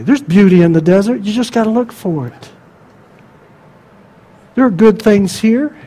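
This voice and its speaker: A man preaching a sermon, emphatic and conversational, asking the congregation rhetorical questions and dropping to quiet asides. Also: high-pitched, lively intonation, a little slow, long pauses, slightly rough, low-quality recording.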